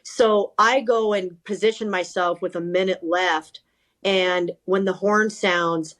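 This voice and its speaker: Middle-aged woman sports reporter chatting on a podcast, lively storyteller, keeps restarting her sentences. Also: on the low side, slow pace. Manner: animated, self-correcting, lots of repeated starts. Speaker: sideline reporter and talent coach.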